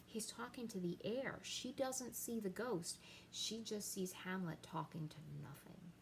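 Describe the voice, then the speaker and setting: A woman's voice: mid-range voice, animated, a little slow, a little hiss or hum. A woman teaching a literature lesson, paraphrasing in plain words and dropping to whispered asides.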